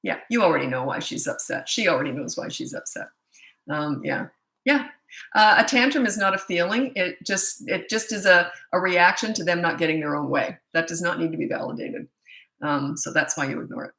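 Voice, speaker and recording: A woman's voice: on the low side, a little fast, vocal fry, bright, forceful tone. A middle-aged woman parenting coach, answering viewer questions in a blunt, chatty way with storytelling asides. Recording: echoey room.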